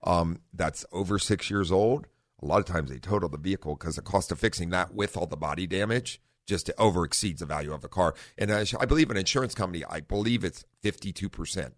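A middle-aged man hosting a car talk radio show in a studio, relaxed and rambling, often correcting himself. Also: low-pitched, fast talker, dry recording. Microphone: studio microphone.

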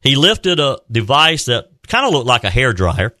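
A man hosting a radio talk show, his tone bright and forward. He speaks earnestly, stumbling and restarting often as he tells a story. A close, dry studio mic. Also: mid-range voice, very animated, no room sound. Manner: halting, many restarts, earnest. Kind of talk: heartfelt farewell talk and storytelling. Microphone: close studio microphone.

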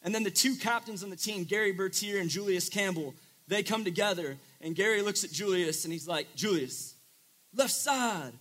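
A man's voice: high voice, brisk, a bit bright. A young man preaching a casual sermon to a live audience, chatty and joking with lots of filler words.

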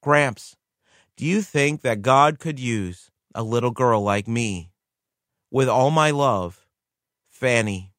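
A man's voice: mid-range voice, slow pace, pauses often, a bit bright, no echo, studio quality. A man voicing an earnest, eager blind little girl who dictates a heartfelt letter to her grandfather. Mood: earnest, pleading.

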